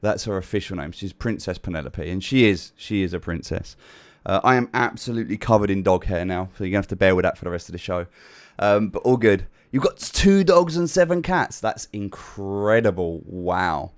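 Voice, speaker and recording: A man's voice: sits low, expressive, brisk. A chatty man hosting a casual livestream from his home, speaking directly to his chat. He often repeats his phrases as he talks things through. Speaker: livestream host. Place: upstairs room at home.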